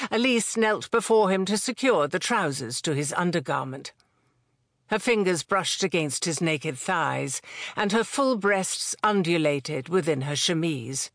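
Audiobook narrator, mid-pitched voice, measured delivery, dry close recording. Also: fairly bright tone, no echo. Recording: dry close studio sound.

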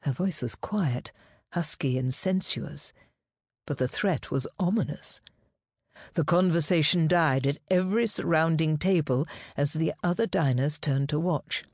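A woman reads a novel aloud in an even, measured way. Her voice is low and steady. The recording is dry and close. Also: dry recording. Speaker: narrator. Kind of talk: scripted audiobook narration.

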